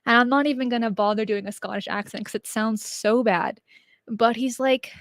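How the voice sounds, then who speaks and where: Her voice is fairly high and her pace moderate as this young channel host chats about viewer questions. She's chatty and animated with a ready laugh, and the sound is clean studio audio with no room sound.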